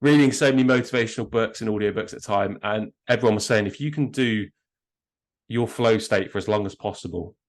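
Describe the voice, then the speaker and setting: A man with a southern English accent speaks in a relaxed podcast interview. His voice sits fairly low, and he talks with eager, self-deprecating energy, tripping over his words and restarting phrases. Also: a little fast. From England. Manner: enthusiastic, self-deprecating, frequent stammered restarts. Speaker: guest photographer.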